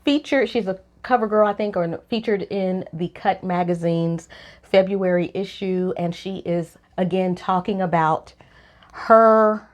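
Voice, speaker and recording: A woman co-hosting a relationship podcast, talking in a lively, opinionated way, her voice jumping up high when she is incredulous. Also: measured pace. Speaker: podcast co-host. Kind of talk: casual opinion chat.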